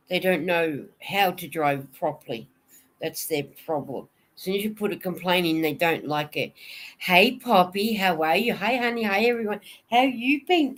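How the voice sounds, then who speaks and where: A woman's voice: fairly low pitch, a bit bright. A woman hosting a casual livestream, chatting and answering viewer comments. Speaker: knitting vlogger hosting a livestream.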